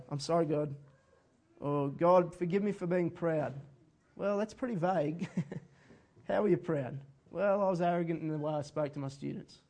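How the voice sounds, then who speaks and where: A man's voice: fairly high pitch, darkish tone. A man preaching a sermon in an earnest, conversational way, often chuckling as he speaks. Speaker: pastor.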